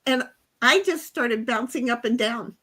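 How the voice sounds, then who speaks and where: A woman in her fifties, hosting a livestream and telling stories in casual chat, animated and frank, swearing and restarting her sentences. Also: fairly high pitch, measured pace. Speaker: livestream host.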